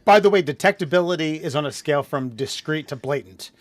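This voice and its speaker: A man hosting a casual podcast, swearing often and rambling in quick bursts. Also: a little high, a crowd in the background. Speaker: podcast host.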